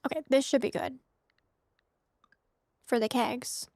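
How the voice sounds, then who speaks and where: A woman's voice: high voice, slow pace, darkish tone, dry recording. A young woman from the United States chatting casually with her viewers while streaming a game, giggly and full of filler words. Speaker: streamer playing a farming game.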